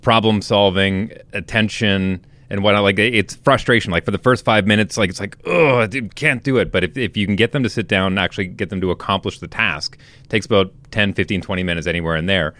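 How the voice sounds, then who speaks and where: A man co-hosting a podcast, explaining an idea in a relaxed way with restarts and asides. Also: low voice, fast talker, no room sound. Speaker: podcast co-host. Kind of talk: casual chat.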